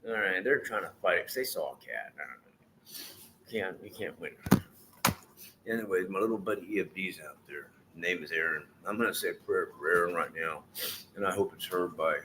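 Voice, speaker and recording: A man's voice: low voice, brisk, slight background noise. A middle-aged man rambling casually on a livestream, swearing now and then. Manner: rambling, swears casually, shifts into loud scolding and prayer. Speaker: vlogger livestreaming with his dogs.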